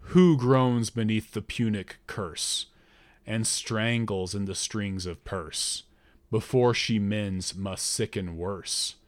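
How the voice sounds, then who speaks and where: A man voicing a young female prophetess who chants verses slowly and solemnly in the voice of a god, in an audiobook. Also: lowish voice, no room sound. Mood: ominous. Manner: slow, solemn incantation.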